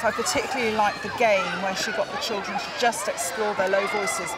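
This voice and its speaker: A woman's voice: medium pitch, fairly even intonation, fairly quick, long reverb tail, a loud crowd, heavy background noise. A woman giving encouraging, explanatory feedback to a teacher after a singing lesson. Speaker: singing workshop leader.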